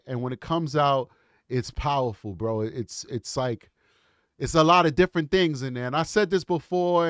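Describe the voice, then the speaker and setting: Hosting a live true crime stream, a man reacts in a blunt, casual, animated way, often addressing viewers as "bro" and "man." His voice is medium in pitch, with clean studio-quality sound and no room echo.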